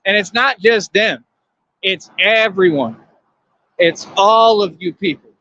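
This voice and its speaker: Man ranting at viewers, confrontational, repetitive, slightly high voice, dry, dull lo-fi sound. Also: slow, pushed and bright, slight background noise. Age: adult. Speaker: livestream host. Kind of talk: livestream rant.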